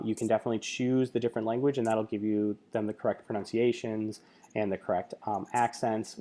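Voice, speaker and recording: A man's voice: medium pitch, warm tone. A man working as a tech coach, giving a casual screen-recorded tutorial with many fillers. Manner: casual, filler-heavy explaining.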